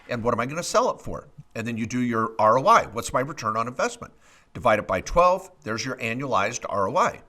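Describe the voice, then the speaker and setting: A man co-hosting a podcast, telling stories and joking in a casual, animated way. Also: mid-range voice, fairly quick. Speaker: podcast co-host.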